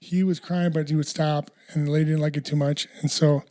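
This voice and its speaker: A man's voice: fairly high pitch, level tone, fairly quick, dark tone. A man hosting a casual podcast chat, telling a rambling story with lots of restarts and casual swearing. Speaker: podcast host.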